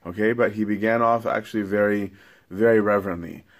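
Low-voiced man preaching conversationally. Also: steady tone, a little fast. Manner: casual, keeps checking in with "right?". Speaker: preacher teaching scripture. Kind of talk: conversational Bible-study sermon.

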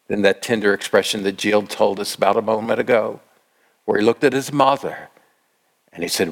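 A man preaching a dramatic sermon, retelling the story with emotive storytelling that slows down and then suddenly rises. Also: on the low side, a bit bright, husky.

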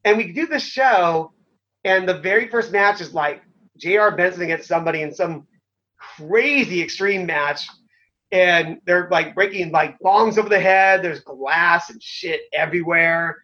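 High-voiced man rambling through war stories. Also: a little slow, sharp tone. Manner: rambling, filler-heavy, swears freely. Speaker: former pro wrestler, guest. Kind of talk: casual storytelling. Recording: dull lo-fi sound.

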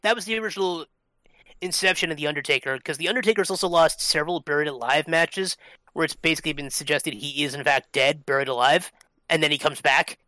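A man with a slightly high, bright, forceful voice explains at length in relaxed podcast chat. He talks loosely, with plenty of fillers and some swearing. The sound is dry and close. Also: quick pace, no echo. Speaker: podcast co-host. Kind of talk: casual chat.

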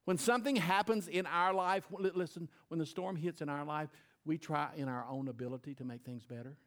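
Pastor guy preaching on a stage mic, bit higher voice, goes big and loud then drops way down quiet. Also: brisk. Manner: dynamic preaching, swinging between loud emphatic bursts and quiet intense delivery. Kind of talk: sermon.

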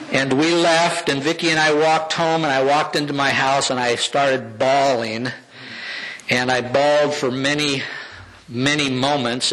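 An older male pastor speaks from the pulpit, reflecting warmly on his life and family in a personal testimony. His voice sits a little high and sounds bright and forward, slowing down to stress key phrases. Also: low-quality recording. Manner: heartfelt, reflective, with slow emphatic phrases.

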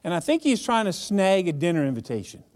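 A man's voice: high-pitched, very animated, fast talker, darkish tone. A man preaching a casual, conversational sermon, chatty and humorous, speaking directly to his audience.

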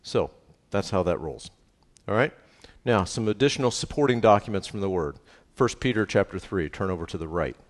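A low-voiced man leads a sermon as pastor, chatty and animated, keeping the congregation in the conversation. His voice carries a long reverb from the church hall around him. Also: brisk, hardly any pauses. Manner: lively, conversational preaching with frequent "right?" asides.

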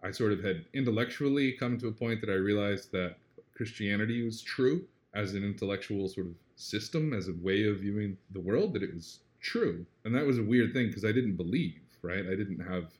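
A man being interviewed, talking in an earnest, reflective way. He often checks in with "right?" and grows animated when he retells a story. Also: fairly low pitch, moderate pace. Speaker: interview guest. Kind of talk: casual conversational interview.

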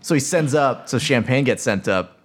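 A man's voice: medium pitch, lively intonation, normal speed. A man co-hosting a podcast in casual chat. He talks loosely, laughs a lot and mocks himself. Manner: laughs often, jokey and self-mocking. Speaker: podcast co-host.

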